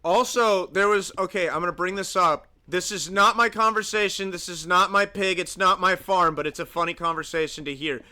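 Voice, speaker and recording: High-voiced guy joking around with friends on stream, bright tone. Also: brisk, hardly any pauses. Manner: joking, teasing. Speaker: streamer host. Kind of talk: casual chat on a livestream.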